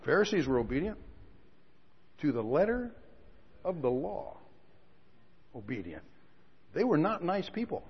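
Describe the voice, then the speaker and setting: Man, preacher, sermon, husky, storytelling, dull lo-fi recording. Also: fairly high pitch, very animated, a little slow, long pauses. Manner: storytelling, swings from quiet asides to shouting. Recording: dull lo-fi recording with a long hall reverb.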